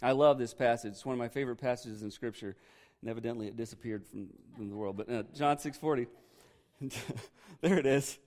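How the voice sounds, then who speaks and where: A man preaching a sermon in a conversational way, often pausing to quiz his congregation. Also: mid-range voice, darkish tone. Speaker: pastor.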